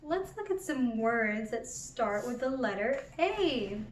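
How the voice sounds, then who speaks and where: A woman teaching toddlers phonics, gentle and encouraging, drawing out each sound. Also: on the high side, very animated, far from the mic, a little hiss or hum. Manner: gentle, encouraging, drawn-out repetition. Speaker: children's educator. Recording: roomy, from off the mic.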